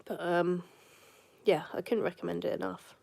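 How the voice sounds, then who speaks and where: A woman's voice: on the low side, level tone, normal speed, creaky, darkish tone. A woman live streaming, chatting in a rambling way and now and then dropping into a whisper. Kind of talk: casual live-stream chat.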